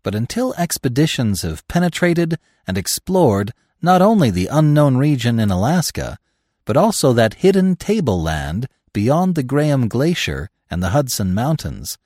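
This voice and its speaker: A man narrating a classic story in a measured, expressive audiobook reading. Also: mid-range voice, dry recording, studio quality.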